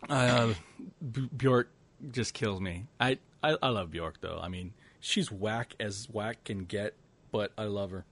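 A man's voice: fairly low pitch, measured pace, fairly bright tone. Guy cohosting a podcast, laughs a lot, stumbles over his words, casual. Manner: laughs often, stammering restarts. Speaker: podcast co-host. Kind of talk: casual chat.

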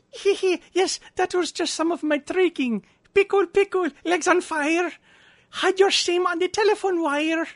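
Guy putting on a kooky dreamy lady singer voice, real high, talks super slow. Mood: whimsical. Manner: slow, halting, oddly formal phrasing. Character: whimsical eccentric woman singer, dreamy and absurd. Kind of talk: comic read-through of a chat log.

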